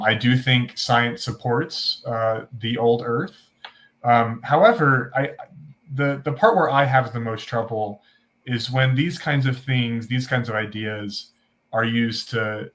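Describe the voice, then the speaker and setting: Earnest man with halting speech. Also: mid-range voice, fairly even intonation, a bit bright. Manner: earnest, halting with many restarts. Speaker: podcast co-host. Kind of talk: casual faith discussion.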